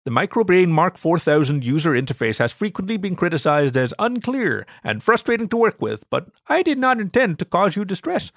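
A prim, precise alien transmogrifier gun, as a man puts it on, talking in stiff polite machine phrasing and lifting a little higher than his plain voice. the recording is dry and close, with no room sound at all. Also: very animated, a little fast, creaky, hardly any pauses, a bit bright, dry recording, full character voice. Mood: formal.

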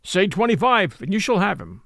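A man voicing a male horse dealer at a fair, with brisk sales talk. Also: high voice, very animated, gravelly, fairly bright tone, no echo, clean studio sound, heavily acted. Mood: persuading.

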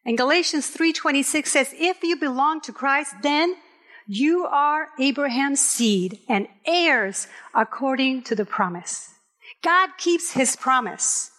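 A middle-aged woman pastor from Puerto Rico, preaching a candid sermon with personal stories and emphatic, drawn-out phrases. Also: sits high, expressive, a bit bright. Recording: reverberant hall.

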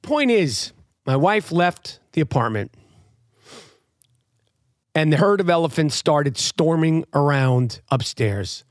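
Middle-aged New man, high-pitched and very animated, profane comic rant. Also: slow pace, pauses often, no echo, clean studio sound. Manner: animated, loud, profane, swings between shouting and muttering. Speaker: comedian ranting to camera.

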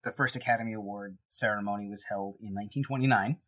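A man's voice: on the low side, steady tone, fast, a bit bright. A man co-hosting a podcast in casual chat, playfully acting out quotes from history. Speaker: podcast co-host.

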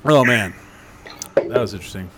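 A man's voice: fairly low pitch, moderate pace, very noisy. A man hosting a live online talk show, chatting casually and joking with his guests. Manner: joking, does goofy voices. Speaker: podcast host. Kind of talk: casual live-stream chat.

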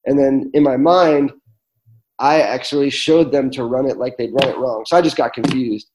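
A man's voice: mid-range voice, steady tone, moderate pace, background noise. A man, telling personal stories as a guest in a conversation, earnest and full of fillers and restarts. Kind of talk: reflective storytelling in conversation.

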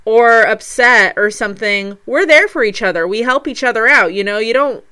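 A woman's voice: a little high, expressive, moderate pace, bright, forceful tone, clear, resonant tone. A woman hosting a casual chat, talking in a conversational, reflective way.

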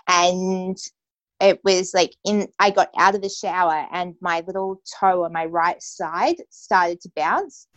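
A woman's voice: on the low side, takes it slowly, fairly bright tone, dry recording, dull audio. A young adult woman telling a personal story as an interview guest, casual and full of "like" and "you know". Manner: casual, heavy use of "like" and "you know" fillers.

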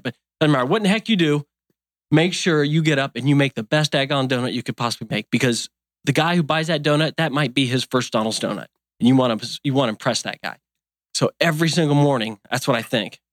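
A man's voice: mid-range voice, fairly bright tone, no room sound. Folksy 50s guy talking donuts casually, rambly, dead dry sound. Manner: earnest, folksy, rambling with many restarts. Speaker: donut shop owner. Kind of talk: casual interview talk.

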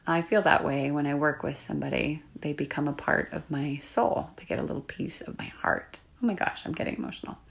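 Low-voiced woman coach with vocal fry, soft and confiding monologue. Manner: soft-spoken, confiding, drifts into whispers. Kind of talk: reflective solo podcast monologue.

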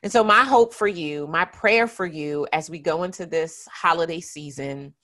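A middle-aged woman hosting a podcast, speaking in an earnest, heartfelt way with slow, emotional pauses. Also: low voice, fairly bright tone. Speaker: podcast host for entrepreneurs. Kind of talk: reflective, heartfelt podcast monologue.

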